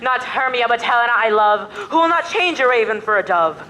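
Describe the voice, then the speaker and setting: A woman's voice: fairly high pitch, animated, brisk, pushed and bright, a little hiss or hum. A young woman playing an ardent young male lover in a school stage play, declaiming verse earnestly. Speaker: student actor.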